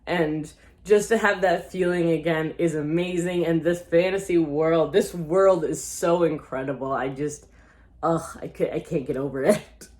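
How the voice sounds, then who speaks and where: Woman book vlogger, lowish voice, gushy and chatty, casual talk to viewers. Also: fairly even intonation, a little slow, darkish tone. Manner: gushing and chatty, often addresses viewers as guys. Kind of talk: casual book recommendation chat.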